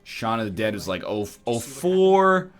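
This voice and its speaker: A man's voice: mid-range voice, very animated, a little slow, faint music behind. A man riffing and joking sarcastically in casual stream chat. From Canada.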